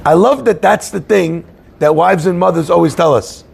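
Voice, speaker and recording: Gravelly high-voiced man telling a story. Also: moderate pace. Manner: animated storyteller, acts out shouting voices. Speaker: rabbi giving a talk. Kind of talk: storytelling sermon.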